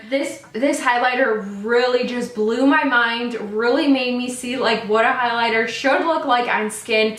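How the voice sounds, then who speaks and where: Gushing, high-voiced woman in an echoey room. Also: a bit bright. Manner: gushing, effusive, full of exclamations. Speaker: makeup vlogger. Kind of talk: casual makeup tutorial talk.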